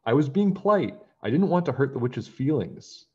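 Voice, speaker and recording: Young maid girl, kind, earnest, soft higher voice, storybook, played by a man. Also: very animated, normal speed, breathy edge, dull audio.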